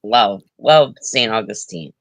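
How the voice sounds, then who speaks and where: A woman from Pennsylvania co-hosting a casual livestream chat, speaking haltingly and often repeating words. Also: a bass voice, expressive, dry recording.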